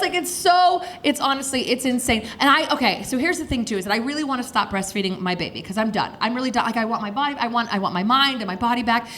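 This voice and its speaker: A woman's voice: on the high side, quick pace, few pauses. A woman in her thirties doing a frank, chatty stand-up set on a comedy stage, working the crowd. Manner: chatty, frank, self-mocking.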